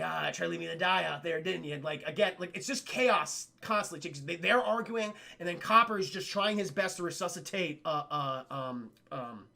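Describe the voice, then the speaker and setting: High, gravelly man ranting to chat. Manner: animated, acts out characters' lines in quick changes of voice; swears a lot and keeps addressing the chat. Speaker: streamer reviewing a film with live chat. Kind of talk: casual, profane scene-by-scene film recap.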